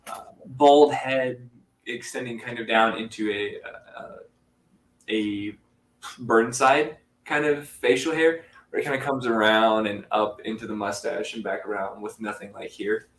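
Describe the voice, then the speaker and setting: Halting, slow-talking male game master. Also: on the low side, steady tone, slight background noise. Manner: halting, full of ums and restarts. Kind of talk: narrating a tabletop game. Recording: roomy, distant mic with faint ambience.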